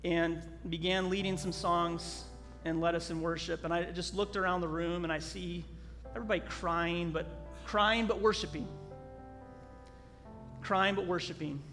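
A man preaching a sermon as a pastor, telling a story earnestly with halting restarts, in a church sanctuary. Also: high voice, steady tone, fairly bright tone. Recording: long hall reverb, faint music.

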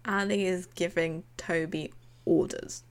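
A woman's voice: on the low side, steady tone, measured pace. A young woman co-hosting a podcast, recapping a TV episode in casual chat and often acting out lines from the scenes with a giggle. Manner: chatty, giggly, retells scenes in quoted voices. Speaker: podcast co-host.

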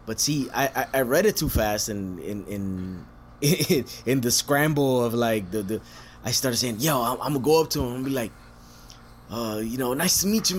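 A man tells a story casually, swearing often, laughing, and leaping into high voices when quoting people. A slight hiss or hum sits in the background.

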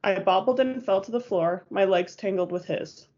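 A woman reads a first-person novel as an audiobook in a steady, measured way. Her voice is husky and breathy, at a middle pitch for a woman, and the recording sounds dull and lo-fi. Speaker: audiobook narrator.

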